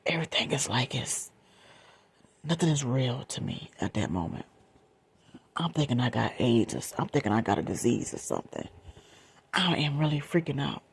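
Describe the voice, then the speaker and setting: A woman telling a personal ASMR storytime in a breathy whisper and soft talk, confiding and emotional, often speaking straight to her listeners. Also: low voice. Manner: confiding, emotional, repeats phrases, addresses listeners directly.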